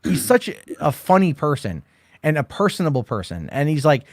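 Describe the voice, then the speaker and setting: A man's voice: on the high side, very animated, brisk, a little mellow, no echo, studio quality. A man hosting a casual late-night movie chat, rambling through stories with lots of swearing and acted-out quotes. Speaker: host.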